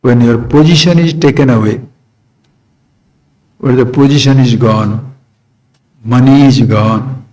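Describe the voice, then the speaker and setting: A man giving a spiritual discourse. He talks in short repeated phrases and asks rhetorical questions, swinging from quiet remarks to sudden high emphasis. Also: unhurried, pauses often, rough recording. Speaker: spiritual teacher.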